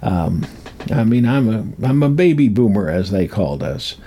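A man's voice: lowish voice, big pitch swings, moderate pace, mellow, slight background noise. A man in his sixties telling folklore in a rambling, chuckling way, acting out voices as he goes. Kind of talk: casual storytelling talk.

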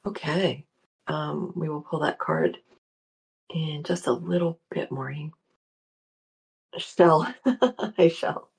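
Gravelly low-voiced woman hosting a live show. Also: fairly even intonation, takes it slowly, long pauses, a little mellow. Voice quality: gravelly morning voice. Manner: chatty, greets listeners by name. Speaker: radio show host and spiritual psychology practitioner. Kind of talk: casual live-show chat reading listener comments.

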